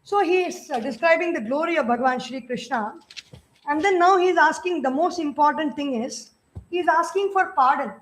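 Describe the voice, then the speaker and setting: Woman, Indian English accent, high pitch, scripture discourse, slow sung chanting, conversational explanation. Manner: chants verses slowly in a sung tone, then explains them conversationally. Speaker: spiritual teacher giving a scripture discourse.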